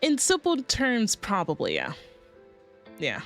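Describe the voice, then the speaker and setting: A woman's voice: mid-range voice, takes it slowly, faint music behind. A woman streamer chatting casually while reading a game story, rambling with fillers and cursing. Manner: rambling, many fillers, swearing, excited outbursts. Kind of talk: casual live-stream commentary.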